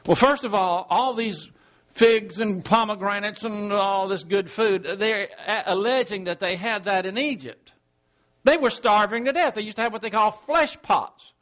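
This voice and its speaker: A man's voice: sits high, moderate pace, a bit bright. A man preaching a verse-by-verse Bible sermon in a conversational way, asking rhetorical questions and chuckling as he explains. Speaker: Bible teacher.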